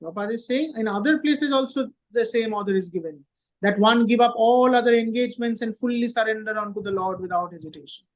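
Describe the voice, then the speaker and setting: Man, scripture lecture, high voice, emphatic, repeats words for stress, rhetorical questions. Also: fast, poor audio. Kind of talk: devotional scripture class.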